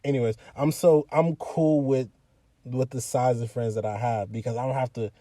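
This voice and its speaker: A man's voice: mid-range voice, steady tone, normal speed, mellow, no echo. Blunt young man chatting in a car. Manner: blunt, repeats his points, teasing. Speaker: podcast co-host. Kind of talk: casual chat. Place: inside a car.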